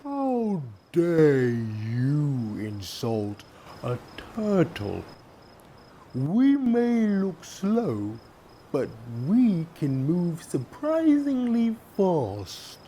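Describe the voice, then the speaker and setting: A man voicing a proud male turtle in a storybook, talking in a long, drawn-out drawl with a raised voice. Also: a little high, big pitch swings, mellow, a little hiss or hum, pitched above the performer's own voice. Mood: indignant.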